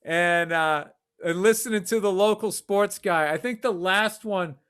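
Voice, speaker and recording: A man co-hosting a podcast, telling animated, profane stories in casual chat. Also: sits high, a little slow, clean tone. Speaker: podcast co-host.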